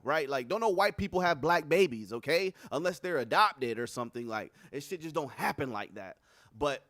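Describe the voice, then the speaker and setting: Animated, cursing man, slightly high voice. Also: no room sound, clean studio sound. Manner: animated, profane, bursts into laughter. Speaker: livestream host. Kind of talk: casual livestream commentary.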